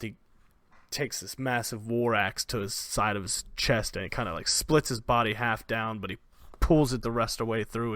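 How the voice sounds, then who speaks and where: A man's voice: mid-range voice, a bit bright, dry recording, clean studio sound. A man narrating as the dungeon master of a tabletop game, in loose, vivid narration full of fillers.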